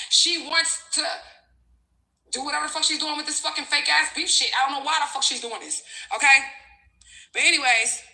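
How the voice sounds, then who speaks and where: Blunt bright-voiced woman, echoey room. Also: high-pitched. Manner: blunt, profane, emphatic. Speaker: psychic reader. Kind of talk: heated storytime recounting texts.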